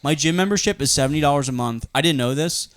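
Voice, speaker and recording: This podcast co-host has a fairly high voice and a quick pace, recorded in a clean studio with no echo. He rambles through crude anecdotes in casual comedic storytelling, acting out the voices of the people involved.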